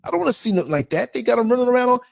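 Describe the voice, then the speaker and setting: A man's voice: extremely high pitch, expressive, racing, gravelly. Older guy hosting a livestream, blunt and emphatic, voice jumps all over. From United States. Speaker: podcaster host. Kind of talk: livestream storytelling.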